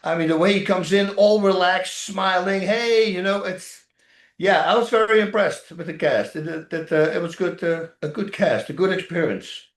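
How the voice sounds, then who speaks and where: An animated man tells rambling stories as an interview guest, slipping into other people's voices as he goes. His voice sits a little high for a man. The recording carries a noticeable roomy echo. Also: moderate pace. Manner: animated, rambling anecdotes, acts out other people's lines, laughs often. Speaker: actor and former fighter, interview guest. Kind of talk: casual interview storytelling. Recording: roomy echoey sound.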